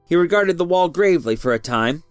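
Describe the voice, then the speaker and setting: An expressive storyteller reading a tale aloud. The pitch moves a lot, rising and falling through the sentences. The recording is dry and close, with faint music underneath. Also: brisk, clear, resonant tone, no echo. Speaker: narrator.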